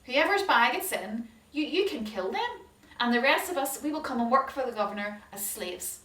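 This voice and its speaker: A woman's voice: on the high side, lively intonation, normal speed, fairly bright tone. A woman doing flustered, protesting grown brothers. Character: group of anxious grown brothers. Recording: roomy hall, distant mic.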